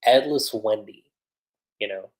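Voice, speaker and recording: A man's voice: lowish voice, a little slow, poor audio. A man reviewing an anime on a livestream in a casual, rambling way, laughing often and acting out quotes. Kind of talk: casual livestream episode recap.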